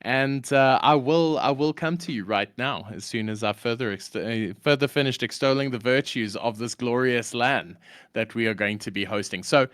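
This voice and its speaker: A man hosts a live stream with an enthusiastic, self-mocking manner. His pitch swings widely as he talks, and the sound is close and dry, with no room echo. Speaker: stream host.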